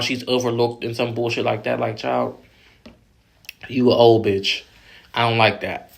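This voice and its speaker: A man's voice: mid-range voice, fairly bright tone. A man hosting a vlog, recapping a reality show in blunt, profane, opinionated casual commentary that rambles with restarts.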